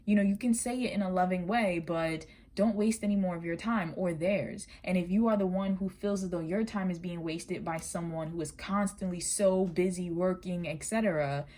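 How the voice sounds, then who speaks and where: Low-voiced woman giving a tarot reading. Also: fairly even intonation, mellow. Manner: chatty and earnest, sometimes rushes her words. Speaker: tarot reader. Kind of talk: casual spoken tarot reading.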